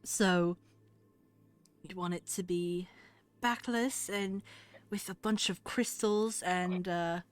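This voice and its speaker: A man's voice: high voice, fairly even intonation, slow pace, pauses often, smooth. A woman voicing a shy, eager young male dog-person tailor in a tabletop game. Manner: timid, eager.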